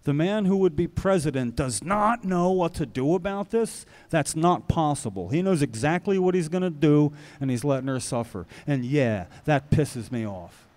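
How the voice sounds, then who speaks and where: A man's voice: on the high side, expressive, normal speed, few pauses, darkish tone. A man co-hosting a live political talk show, ranting with indignation.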